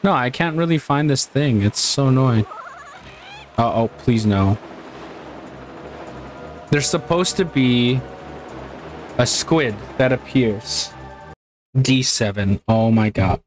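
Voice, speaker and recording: Male game streamer, unhurried delivery, mid-pitched, frustrated and profane, faint music underneath. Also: lively intonation. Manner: exasperated, swears and laughs at himself. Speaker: gaming channel host. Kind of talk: gameplay commentary.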